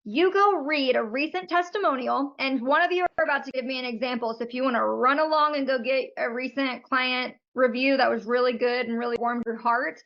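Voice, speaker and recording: High-voiced woman coaching over video call. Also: creaky, muffled recording. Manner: friendly, frank and chatty. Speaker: business coach for photographers.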